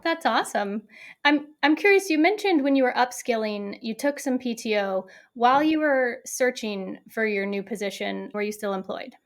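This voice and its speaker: Woman, podcast host, encouraging, curious, fairly high voice. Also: moderate pace. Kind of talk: interview questions.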